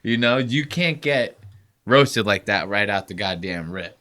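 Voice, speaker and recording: A man hosting a podcast, telling stories in a loose, profane, animated way and mocking people with quick impressions. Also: fairly low pitch. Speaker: podcast host. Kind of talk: casual podcast banter.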